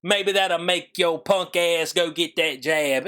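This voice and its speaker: A man's voice: on the high side, slow, few pauses, pushed and bright, smooth. A man giving casual, sarcastic news commentary, slangy and profane.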